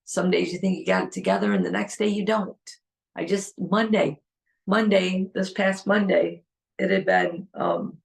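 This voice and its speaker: A woman's voice: fairly low pitch, very animated, moderate pace, gravelly. A middle-aged woman hosting a heartfelt solo podcast, talking earnestly and pleading, repeating phrases for emphasis. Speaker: podcast host.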